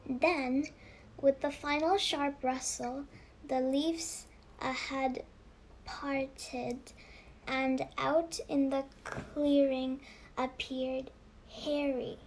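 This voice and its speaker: A high-pitched woman reads a children's novel aloud at a very slow, careful pace. She stumbles and restarts now and then, and drops to a whisper for the hushed moments. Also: little pitch movement, a little hiss or hum. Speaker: reader.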